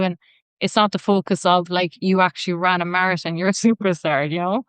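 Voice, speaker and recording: A woman's voice: fairly low pitch, steady tone, fairly quick, smooth, no room sound. An Irish woman in her thirties, a personal trainer and podcast guest, chatting and telling stories with lots of "like" fillers. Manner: chatty storytelling, many "like" fillers. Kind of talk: casual interview chat.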